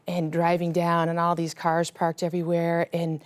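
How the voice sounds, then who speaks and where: A middle-aged woman giving an earnest, emotional personal testimony, her voice sinking to a hushed whisper at the painful moments. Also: on the low side, monotone, normal speed, hardly any pauses, clean tone, dry recording. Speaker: guest sharing her testimony.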